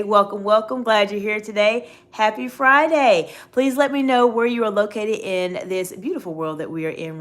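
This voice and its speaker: Emphatic middle-aged woman coach. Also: mid-range voice. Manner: emphatic, addresses viewers directly with questions. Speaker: executive communication coach. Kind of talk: livestream coaching talk.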